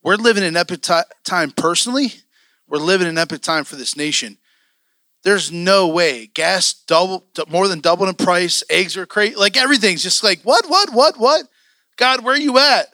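A man preaching with fervent, story-driven passion, his voice somewhat high and strikingly bright. The sound is close and dry, with no room around it. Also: moderate pace, dry recording. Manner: passionate, storytelling, often acting out his own excitement. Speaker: church elder preaching. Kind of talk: sermon.

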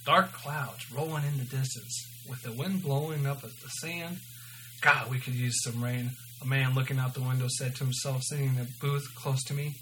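A man's voice: mid-range voice, steady tone, a little fast, hardly any pauses, a bit bright, slight background noise, low-quality recording. A man casually reading his own story aloud, often stumbling and correcting himself, with an amused manner.

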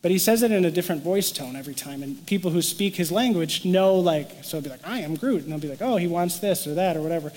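A man's voice: on the high side, quick pace, few pauses, long reverb tail. A man preaching a sermon as pastor, telling stories with animation and acting out quoted lines. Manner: animated storytelling, acts out quotes.

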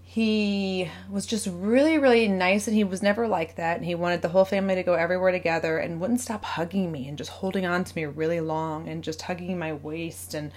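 A woman's voice: on the low side, fairly even intonation, brisk, few pauses, a little mellow. Woman in her thirties, rambling personal story. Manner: rambling, with many fillers, self-corrections and acted-out quotes; clears her throat often. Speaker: vlogger. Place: at home.

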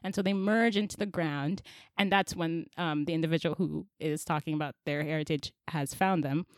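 A woman's voice: low voice, fairly even intonation, normal speed, dry recording, clean studio sound. A woman co-hosting a casual chat, animatedly summarizing a story with casual slang and laughter. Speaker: podcast co-host.

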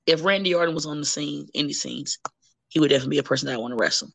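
A woman in her thirties, a wrestler guesting on a podcast, chatting bluntly and profanely with animated storytelling. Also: low voice, rapid-fire, vocal fry, a little hiss or hum. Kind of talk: casual chat.

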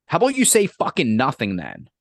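A man's voice: medium pitch, huge pitch swings, fairly quick, creaky, dry recording. A man in casual podcast chat who rants in a profane, exasperated way.

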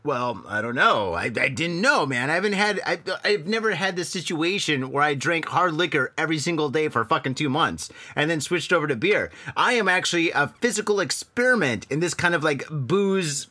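A bright-voiced man co-hosting a late-night podcast, talking loosely and crudely. His pitch swings widely as he rambles, relaxed and full of swearing. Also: normal speed, few pauses. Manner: rambling, profane, laid-back. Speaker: podcast co-host. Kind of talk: crude casual banter. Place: home in Tokyo.

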